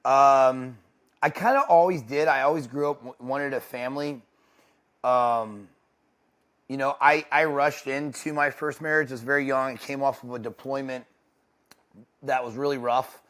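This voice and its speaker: Candid halting man, guest talk. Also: mid-range voice, fairly even intonation, a bit bright. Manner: candid, halting, with frequent restarts. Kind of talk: casual interview talk. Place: ranch home.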